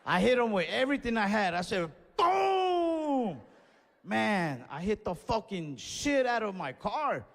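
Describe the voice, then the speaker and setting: A man doing stand-up, telling a story in a casual, profane way with sudden shouted bursts, recorded live on stage. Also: sits high, expressive, moderate pace, few pauses, a little hiss or hum. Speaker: stand-up comedian. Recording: reverberant live venue with faint ambience.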